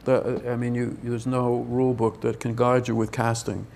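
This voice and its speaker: Hesitant older man with a creaky voice. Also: medium pitch, level tone, normal speed, darkish tone, slight background noise. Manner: rambling, hesitant with many restarts. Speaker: film director. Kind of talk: press event Q&A.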